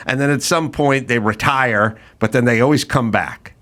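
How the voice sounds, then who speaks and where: A man hosting a casual podcast, riffing and musing aloud in an animated way. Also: mid-range voice, moderate pace. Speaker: podcast host.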